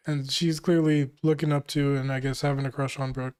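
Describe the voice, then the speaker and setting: A man's voice: medium pitch, little pitch movement, a little fast, darkish tone, clean tone. A young man hosting a casual manga reaction, reading the dialogue aloud and breaking off to joke and laugh.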